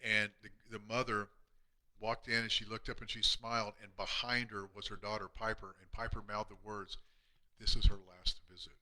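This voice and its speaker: A man, a chiropractor, telling emotional patient stories on a live stream, earnest and often dropping to a hushed voice. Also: on the low side, flat delivery, moderate pace. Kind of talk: heartfelt storytelling on a live stream.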